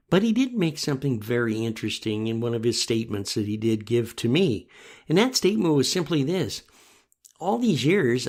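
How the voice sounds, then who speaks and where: A middle-aged American man hosts his own talk show and tells a story in an earnest, unhurried way. His pitch sits in a plain middle range, and he stops now and then to ask his listeners a rhetorical question. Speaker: host. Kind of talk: solo talk show commentary.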